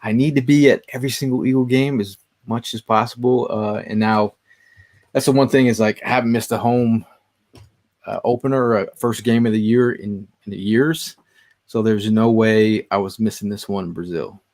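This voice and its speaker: A man's voice: lowish voice, steady tone, moderate pace, a little mellow. A man in casual chat, earnest as he reads a viewer comment and shares his own experience. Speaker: guest fan.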